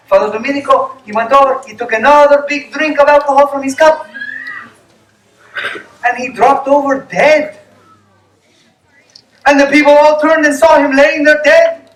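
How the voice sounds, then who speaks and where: Storyteller, male, very high voice, animated, distant echoey tent sound. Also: moderate pace, long pauses. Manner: animated, acts out voices of characters. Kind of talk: storytelling to children. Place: camp meeting tent.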